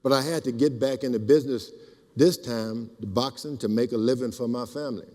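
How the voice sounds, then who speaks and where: An older man telling animated stories at a speaking event, acting out the voices in his quotes. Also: medium pitch, a little fast. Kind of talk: storytelling speech. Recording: reverberant hall.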